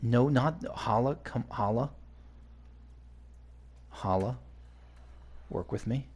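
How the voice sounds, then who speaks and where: A man's voice: medium pitch, takes it slowly, a little mellow. A man rambling through casual gameplay commentary for a let's play, chatty and swearing when frustrated.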